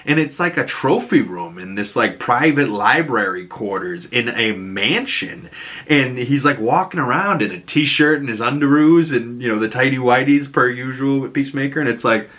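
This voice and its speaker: A man with a Boston accent talks through a TV episode in a loose, rambling way. His voice is bright and sharp, and his asides are crude and enthusiastic. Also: mid-range voice, normal speed. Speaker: show reaction host. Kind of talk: casual episode breakdown.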